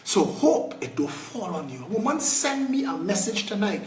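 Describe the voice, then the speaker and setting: A man's voice: sits high, sing-song, normal speed, a little mellow, reverberant, far from the mic. A Trinidadian man giving a fiery political speech, blunt and angry, throwing crude insults. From Trinidad and Tobago.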